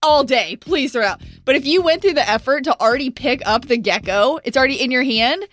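A young woman co-hosting a morning radio show, telling stories in an animated, emphatic way. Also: high-pitched, fairly quick. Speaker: radio co-host.

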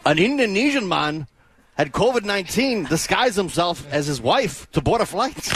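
A man with a high, very animated voice trades jokes on a radio show. He often laughs mid-line as he reads out his punchlines. Music plays clearly behind him. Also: normal speed. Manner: laughs through his lines, tries joke accents. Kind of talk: joking banter.

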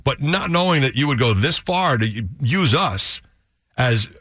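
A man's voice: medium pitch, lively intonation, unhurried, a bit bright, slightly rough, no room sound. A man hosting a radio show, scolding and exasperated, talking over his guest in a heated studio argument. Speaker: radio host.

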